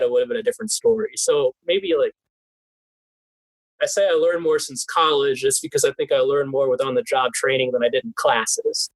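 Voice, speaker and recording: A young adult man being interviewed as a guest in a casual chat, animated and laughing often as he restarts his sentences. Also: mid-range voice, no room sound, rough recording. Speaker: guest, team PR specialist.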